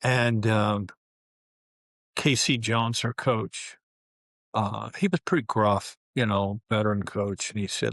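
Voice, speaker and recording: A man in his 70s, a former pro basketball player, tells a candid, colorful story as an interview guest, relaxed and full of fillers. His voice is fairly low and gravelly, and he speaks slowly. The studio-quality recording has no echo.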